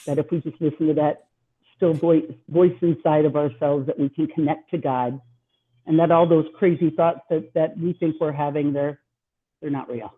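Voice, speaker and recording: A woman's voice: deep voice, husky. A woman sharing reflections in a spiritual study group, speaking in a hesitant, earnest way. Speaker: group participant. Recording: tinny phone-like line.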